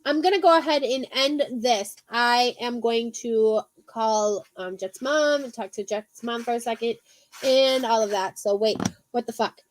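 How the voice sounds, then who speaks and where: A woman's voice: on the high side, a little slow. A woman hosting a casual livestream, rambling with lots of ums and the odd swear word. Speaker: livestream host. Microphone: phone.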